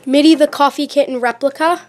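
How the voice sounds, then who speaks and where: A woman's voice: high-pitched, steady tone, fairly quick, darkish tone. A woman vlogging a casual show-and-tell, chatty and gushing, with lots of "like" and "really, really". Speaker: YouTube vlogger showing her collection. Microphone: handheld camera, shaking at times.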